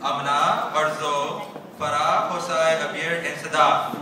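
A man emcees a live banquet, bantering and pleading with the audience to make noise. His voice sits a touch high. It carries from afar through a long, echoing hall over a loud crowd. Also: steady tone, normal speed. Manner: hypes the crowd, begs for noise. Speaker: event emcee. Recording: echoey hall, mic far off, loud crowd.

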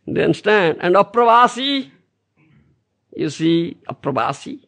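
A man teaching from scripture in a high, gravelly voice that leaps wildly up and down. He speaks slowly and emphatically, repeating phrases and throwing teasing questions to his listeners. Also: big pitch swings, a bit bright. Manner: keeps asking the room "you understand?". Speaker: spiritual teacher. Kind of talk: scripture lecture. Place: Brisbane, Australia.

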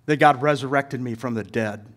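A middle-aged man preaching a sermon in a church, telling funny stories with lively acted-out voices and laughter. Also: medium pitch, normal speed. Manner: animated storyteller, laughs while telling, acts out voices. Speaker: pastor. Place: church sanctuary.

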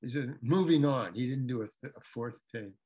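A man, a guest actor, telling a set story in an animated way, acting out the lines of the people in it and often repeating himself as he restarts sentences. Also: mid-range voice, normal speed, slight background noise. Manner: animated, acts out the dialogue of others in his story. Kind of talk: anecdotal storytelling.

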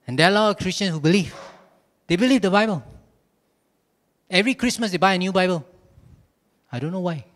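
Guy pastor giving a sermon in church, bit high voice, lively funny storytelling, talking into a mic. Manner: animated storytelling with humor. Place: church service.

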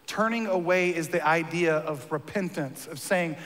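A man with a high, forceful, bright voice preaches in a church, and long reverb rings behind him. He moves between easy, joking conversation and emphatic, punchy lines. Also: normal speed. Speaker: pastor. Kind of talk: sermon.

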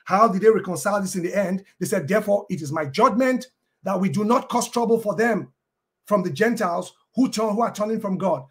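A man arguing in a formal debate, quoting scripture at length and pausing often with ums and uhs. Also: high voice. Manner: halting, with many ums and uhs and restarts.

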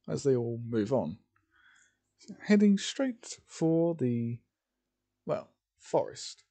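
A man narrating an improvised fan story, halting often and correcting himself as he goes. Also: mid-range voice, big pitch swings, dark tone. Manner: halting, with many fillers and self-corrections.

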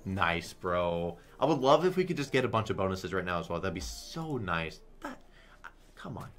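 Casting: young male streamer, deep voice, hype slot commentary, faint music behind. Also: moderate pace. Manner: excitable, swears a lot, chants "come on". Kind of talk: live gambling commentary.

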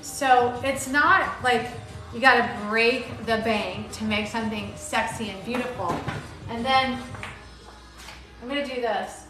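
On a cooking live stream, a woman from Arizona and Maui greets viewers by name and chats flirtatiously and casually. Her voice is on the high side and measured in pace, with loud music and echo in the room.

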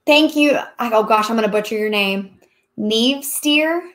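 A woman's voice: on the high side, a little slow, a bit bright. A woman, chatting casually while hosting a live question-and-answer stream and laughing often. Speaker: livestream host, craft seller.

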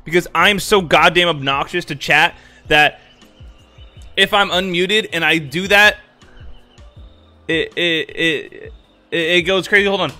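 A young man streaming a game live, excitable and swearing, swinging from loud outbursts to muttering. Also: fairly high pitch, a little slow, pauses often, soft background music. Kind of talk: live-stream gaming chat.

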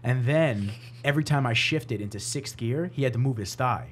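A man hosting a podcast in casual chat, telling stories in a lively way and acting out the voices of the people he quotes. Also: mid-range voice, moderate pace, slight background noise. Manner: animated storyteller who acts out quoted voices. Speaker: podcast host.

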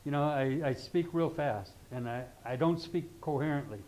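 A man's voice: a little high, normal speed, darkish tone, rough recording. An older man teaching an astrology class, talking informally, rambling into asides and checking in with the class. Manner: conversational, keeps checking in with "okay?".

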